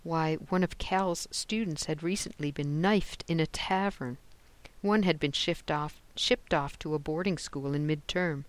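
An audiobook narrator giving steady scripted narration on a close mic. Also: medium pitch, a little slow, no room sound. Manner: steady storytelling, lifts for quoted lines.

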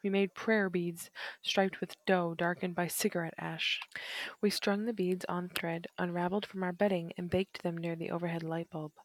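A woman reads a first-person memoir aloud in a measured, reflective way. Her voice sits low, and the recording is dry and close with no room sound. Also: little pitch movement, no room sound. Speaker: narrator.

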